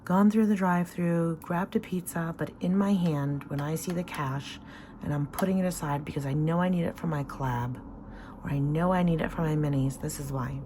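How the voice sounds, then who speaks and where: A woman in a casual home vlog, counting cash and talking about her savings with excited emotion. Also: low voice, moderate pace, noisy background. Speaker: savings vlogger.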